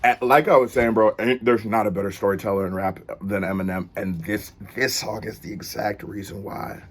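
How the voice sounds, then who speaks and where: A man hosting a casual reaction video, talking in an animated, joking and playful way. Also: on the low side, a little fast, a little hiss or hum. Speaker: host reacting to a music video.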